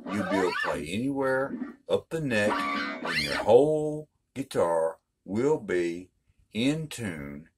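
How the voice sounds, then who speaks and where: An older man giving a casual guitar lesson in a folksy, emphatic way, repeating his points. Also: sits low. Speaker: guitar teacher.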